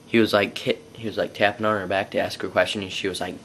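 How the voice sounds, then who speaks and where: A man's voice: deep voice, level tone, fast talker, hardly any pauses, a bit bright, a little hiss or hum. A young man telling personal stories to camera in a rambling, casual way. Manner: rambling, lots of fillers and restarts. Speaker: vlogger.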